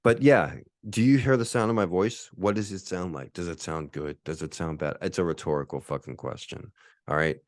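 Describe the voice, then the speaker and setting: A man's voice: deep voice, normal speed, no room sound, clean studio sound. A man in his forties hosting a podcast, ranting in a profane, boastful, combative monologue. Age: 40s. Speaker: podcast host.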